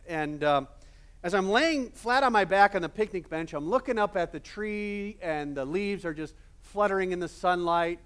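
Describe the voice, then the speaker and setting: A male pastor preaching a sermon in a casual, animated storytelling manner with many fillers. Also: on the high side, clear, resonant tone.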